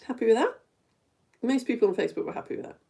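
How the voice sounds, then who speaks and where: A middle-aged woman runs a live-streamed quiz lesson online for all ages, keeping it playful, often giggling and talking directly to her viewers. Her voice sits on the high side and is animated and fast, with vocal fry and a warm tone.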